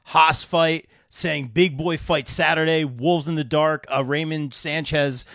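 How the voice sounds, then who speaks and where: A man hosting a live podcast interview, excitable and reading out comments from the chat. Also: on the high side, unhurried, no room sound. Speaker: podcast host.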